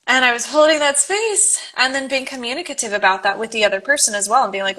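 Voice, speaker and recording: A woman with a bright voice sitting a touch above the usual pitch talks about relationships as host. She is earnest and affirming, agreeing readily and speaking in an open, casual way. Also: fast talker, hardly any pauses. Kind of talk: casual conversation.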